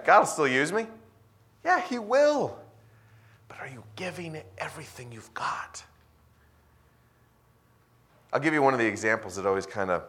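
A male pastor preaching a sermon, swinging between loud emphasis and quiet asides. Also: medium pitch.

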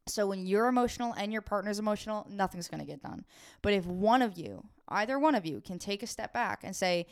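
A woman's voice: mid-range voice, expressive, brisk, smooth. A young woman co-hosting a podcast, speaking in an encouraging, affirming way in casual chat. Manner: warm-hearted, encouraging, affirming. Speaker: podcast co-host.

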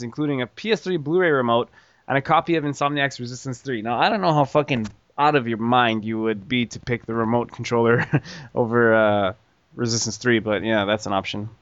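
Male podcast host, relaxed news delivery, smooth voice, dry, muffled low-fi recording. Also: no room sound. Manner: relaxed, filler-heavy, swears casually. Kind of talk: casual chat, reading gaming news. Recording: dull lo-fi audio.

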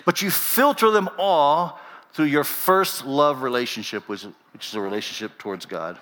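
A middle-aged male pastor from Panama, a native Spanish speaker, preaching with a bright, forward voice sitting a little high for a man. He talks in a loose storytelling way, doubling back and restarting phrases as he goes. The sound carries a long reverb from a church sanctuary. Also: moderate pace. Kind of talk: sermon.

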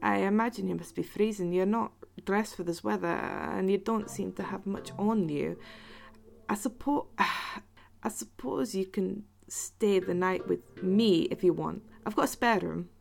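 Woman doing a scottish village guy, polite, kinda awkward, mid pitch. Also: a little slow, gravelly, darkish tone, faint music behind. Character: friendly young male villager Devon.

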